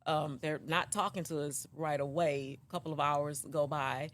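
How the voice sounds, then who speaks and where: A woman, the mother of a young man, recounting in an interview what happened, with many pauses and restarts. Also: sits low, fairly even intonation, a bit bright. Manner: halting, many ums and restarts. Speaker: mother of the accused.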